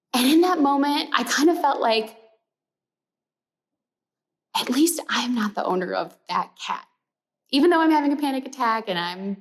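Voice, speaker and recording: A young woman with a somewhat high voice tells a personal story in a loose, casual way. She fills her sentences with "like" and sinks to a near whisper on the awkward details. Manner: animated, frequent "like" fillers, drops to whispers for gross details. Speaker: sewing pattern company storyteller.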